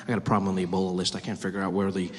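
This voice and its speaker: Comedian playing a stammering safety official, flustered, deep voice, echoing live hall. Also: male voice, level tone, very fast, close to an everyday voice. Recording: live venue reverb with audience noise.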